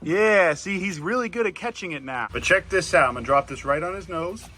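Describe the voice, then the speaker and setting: A man narrates his farm video in a high, keen, bright voice. He sounds cheerful and fond of his animals the whole way through. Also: expressive, a little fast.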